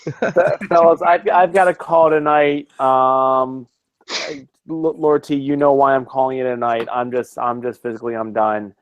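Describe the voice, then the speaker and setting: A man's voice: medium pitch, fairly even intonation, moderate pace, no room sound. Guy hosting a group call, earnest, kinda rambly, dull dead-dry sound. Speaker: podcast host. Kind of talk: casual group chat.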